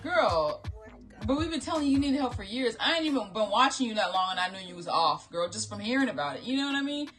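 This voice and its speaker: A woman with a voice on the high side talks quickly while hosting a reaction video, recorded on a phone with faint music behind her. She's blunt, animated, and very profane, and she slips into mocking impressions of others as she gives her casual commentary.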